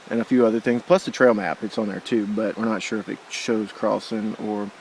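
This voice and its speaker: A man's voice: mid-range voice, darkish tone, poor audio. A man with an ordinary mid-range voice narrates a casual hiking vlog outdoors beside a forest creek, recorded on a handheld camera. He rambles and thinks aloud, correcting himself mid-sentence. A faint hiss sits under the recording. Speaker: hiker filming his trip.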